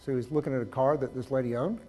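A male pastor preaching a sermon, swinging between loud exhortation and low, conversational storytelling. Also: fairly even intonation, very fast.

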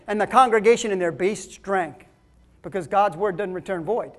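A man's voice: high-pitched, normal speed. A man preaching a sermon, emphatic and calling the congregation folks.

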